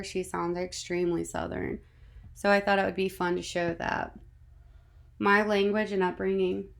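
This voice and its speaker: A woman in her thirties from North Carolina, narrating a slide presentation as a student presenter in a measured, read-from-script way. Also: medium pitch. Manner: measured, reading a prepared script.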